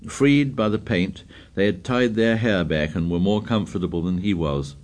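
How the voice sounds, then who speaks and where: A man with a fairly low voice narrates a novel aloud in a steady, measured way. His reading sounds composed and scripted. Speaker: audiobook narrator.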